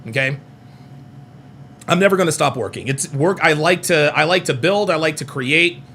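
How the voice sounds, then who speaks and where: A man's voice: a little high, moderate pace, sharp tone, a little hiss or hum. A man in his forties chatting casually on a live stream, rambling, repeating himself and reading chat comments aloud. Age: 40s. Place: home near Reno.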